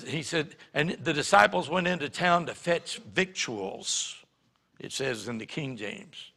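A man preaching a sermon as pastor, telling stories that swing from quiet asides to emphatic points. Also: a little high, creaky, in a large hall. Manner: storytelling, shifts between quiet and emphatic. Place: church sanctuary.

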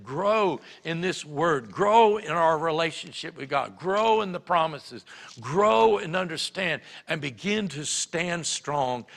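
A man preaching a sermon as pastor, telling stories that swing from quiet asides to emphatic points. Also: on the high side, creaky, in a large hall. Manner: storytelling, shifts between quiet and emphatic. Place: church sanctuary.

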